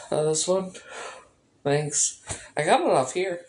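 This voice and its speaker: Woman talking to her phone, slow rambly emotional vibe, cusses a lot, roomy echo. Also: lowish voice, animated, darkish tone. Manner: rambling, emotional, swears often. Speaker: vlogger. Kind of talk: casual personal chat. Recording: echoey room.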